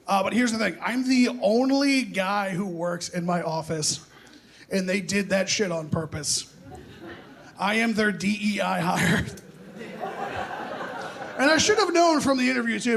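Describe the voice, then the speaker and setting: A creaky, high-voiced young man does stand-up in a comedy club, loud and punchy and making fun of himself. Laughter from the live audience is captured in the recording.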